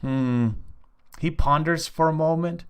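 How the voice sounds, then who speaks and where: A man's voice: fairly high pitch, takes it slowly, clear, resonant tone. A man narrating a tabletop game as game master, in a casual, filler-heavy way.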